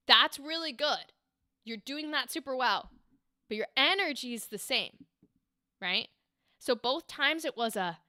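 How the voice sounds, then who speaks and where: Bubbly high-voiced woman host. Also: lively intonation, unhurried, long pauses, sharp tone, no room sound, clean studio sound. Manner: bubbly, encouraging, chatty. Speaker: livestream host giving voice acting critiques. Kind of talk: casual livestream critique.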